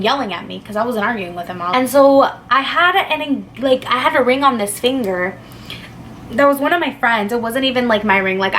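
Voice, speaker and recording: Young woman, casual storytime, rambling, swears, fairly high voice, faint background noise. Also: fairly bright tone. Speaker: vlogger.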